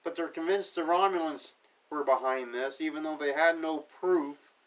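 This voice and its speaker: A man with a slightly high voice runs through an episode recap, dry and sarcastic, tossing off loose paraphrases of what everyone says. He sounds set back from the microphone, so the voice carries a little distance. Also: fairly even intonation, normal speed. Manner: sarcastic, paraphrases characters offhandedly. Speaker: TV episode reviewer.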